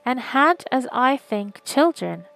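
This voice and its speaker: A woman voicing a gentle spirit. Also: high voice, big pitch swings, takes it slowly, vocal fry, no room sound, soft background music, voice pushed up, exaggerated voice, poor audio. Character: gentle ghost of the past, calm spirit.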